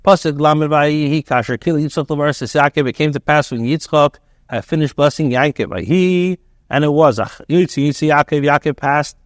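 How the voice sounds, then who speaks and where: A man teaching as a rabbi, a text aloud and translating it line by line in a halting way, with many restarts and fillers. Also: on the high side, dry recording, studio quality.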